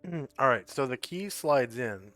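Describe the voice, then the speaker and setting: A man running a tabletop game as game master, explaining rules in a relaxed, casual way. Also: medium pitch, measured pace, no echo, soft background music.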